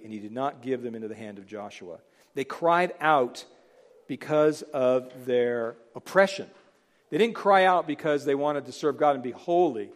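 A middle-aged man preaching a sermon, animated, acting out Bible figures in voices. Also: on the high side. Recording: long hall reverb.

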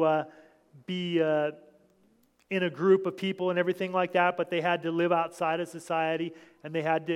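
A man's voice: a little high, clean tone. A man preaching an informal sermon, talking to his congregation with many restarts and asides. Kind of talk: informal sermon reading scripture. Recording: long hall reverb.

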